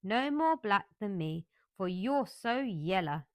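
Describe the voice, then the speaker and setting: A woman's voice: medium pitch, animated, slow, dry recording. A sturdy, cheerful young housemaid with a broad Yorkshire accent, as a woman reader puts her on. She talks bluntly and a lot, in a storybook reading. The sound is dry and close. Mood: indignant.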